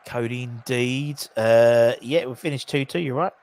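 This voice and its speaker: A man's voice: medium pitch, unhurried, darkish tone, dry recording. A jokey, chatty man in a mid-range voice, talking through a football match live as it happens. He calls the passes loosely, trades banter with viewers and reads out their messages between the action. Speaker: host of a live match watchalong. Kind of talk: casual live commentary and chat reading.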